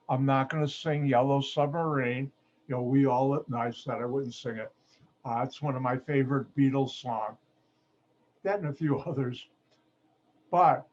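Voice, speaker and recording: A man's voice: mid-range voice, slight background noise. A man teaching a chemistry class over a video call, with a playful, jokey manner and frequent asides. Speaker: chemistry instructor. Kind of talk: online lecture. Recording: muffled video call audio.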